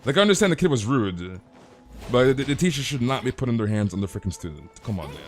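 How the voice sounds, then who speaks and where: A man's voice: mid-range voice, sing-song, fast talker, faint music behind. A man chatting casually on a live game stream, ranting animatedly and peppering his talk with "freaking" and "dude".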